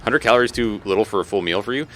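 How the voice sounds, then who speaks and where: A man's voice: fairly low pitch, rapid-fire, slight background noise. A man in his thirties streaming a game live, joking and swearing freely as he chats with his viewers. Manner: animated, joking, swears freely, talks to chat. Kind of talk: casual live-stream chat while gaming.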